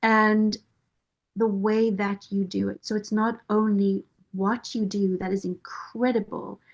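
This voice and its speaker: A woman at an ordinary, mid-range pitch speaks in a heartfelt interview testimonial. Her delivery is earnest and measured, with deliberate pauses between phrases as she chooses her words. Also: flat delivery. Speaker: nonprofit board member and parent caregiver.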